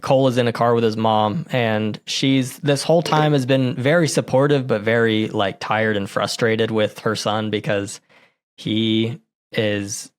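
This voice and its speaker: A man co-hosting a podcast, chatting casually and earnestly retelling movie scenes. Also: on the low side. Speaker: podcast co-host. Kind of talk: casual movie review chat.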